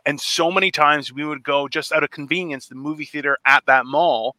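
A man's voice: a little high, fairly even intonation, brisk, sharp tone, no echo. A man in casual comedic podcast chat, blunt and ranting. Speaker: podcast host.

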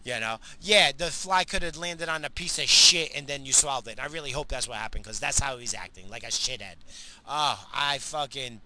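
A man's voice: mid-range voice, a little fast, bright, forceful tone, a little hiss or hum. A middle-aged man telling a story in a casual monologue, rambling and profane, laughing at his own tale.

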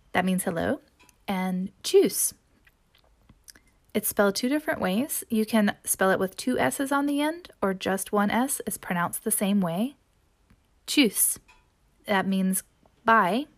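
A woman teaching German vocabulary on a podcast, careful and unhurried, with many ums. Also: mid-range voice, no room sound.

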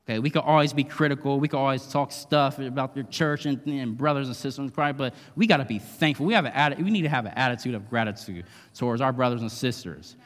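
A male guest preacher delivers a conversational, emphatic sermon in a church sanctuary, often tacking on tag questions. His mid-range voice moves quickly with hardly any pauses, and long hall reverb fills the recording.

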